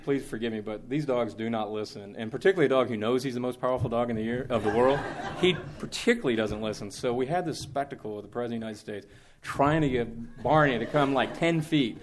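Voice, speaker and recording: A man telling an anecdote to a live audience in a conversational, animated way, acting out the quotes. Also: medium pitch, quick pace. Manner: animated, conversational, with frequent restarts and acted-out quotes. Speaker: speaker recounting diplomatic experiences.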